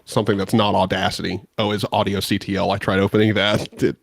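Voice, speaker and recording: A man's voice: on the low side, flat delivery, fast talker, creaky. A man co-hosting a podcast in a casual chat, rambling and poking fun at himself. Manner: rambling, self-deprecating. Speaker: podcast co-host.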